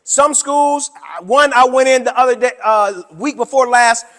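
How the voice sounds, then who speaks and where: A man presenting a workshop to teachers, with an animated, preacher-like delivery that swings between loud and soft. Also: very high-pitched, unhurried. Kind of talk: conference talk to educators. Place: conference room. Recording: hall with long reverb.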